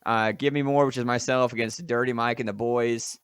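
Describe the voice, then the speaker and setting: Brief: male podcast host, smooth clear tone, dry close mic, easygoing trash talk. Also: medium pitch, steady tone, fairly quick, no room sound. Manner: laid-back, laughs easily, trash talk. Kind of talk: casual fantasy football chat. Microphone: headphones and studio mic.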